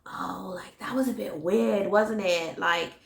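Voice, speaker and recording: A woman voicing a gentle woman teacher who speaks softly and reassuringly. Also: medium pitch, measured pace, vocal fry. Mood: concerned. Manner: soft, reassuring. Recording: roomy echo.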